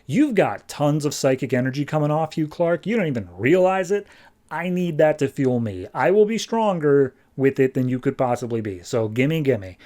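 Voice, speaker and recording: A man's voice: a little high, animated, normal speed, a little mellow, natural voice. A man casually voicing a smug, taunting male psychic villain while retelling a comic. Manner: smug, mocking.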